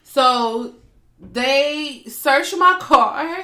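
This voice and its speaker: Bright animated woman telling a story. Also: high-pitched, extremely slow, roomy sound. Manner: animated storyteller, laughs often, acts out quotes. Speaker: podcast co-host. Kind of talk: casual chat, storytelling.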